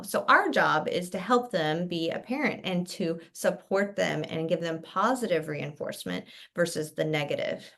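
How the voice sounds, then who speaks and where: A woman's voice: on the low side, normal speed, creaky, few pauses, a bit bright. Earnest woman pediatrician explaining. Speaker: pediatrician, podcast guest. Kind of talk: casual podcast conversation.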